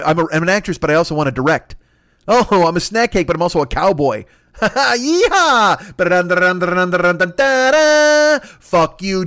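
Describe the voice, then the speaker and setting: A man's voice: high-pitched, dry recording, clean studio sound. A man delivering a profane, exasperated comic rant and slipping into mock voices. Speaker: comedian. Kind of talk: improvised comedic rant.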